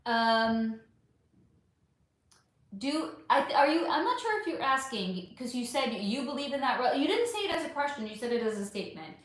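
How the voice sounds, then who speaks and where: Very animated, this woman talks at a normal speed in a high, slightly bright voice. She's hosting a psychic livestream in a very echoey space, candidly chatting with viewers and swearing as she replies to comments.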